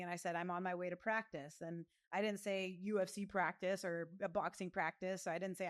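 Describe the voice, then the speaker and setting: A woman in her thirties telling lively stories in a casual interview, acting out other people's voices. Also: brisk. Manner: animated, acts out other voices with big pitch jumps. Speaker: guest, professional fighter.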